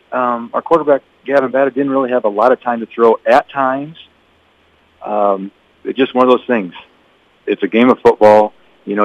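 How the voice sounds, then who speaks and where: A man's voice: mid-range voice, no room sound. A man, a football coach, talking plainly about his team's game in a phone interview. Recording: dull dry phone line.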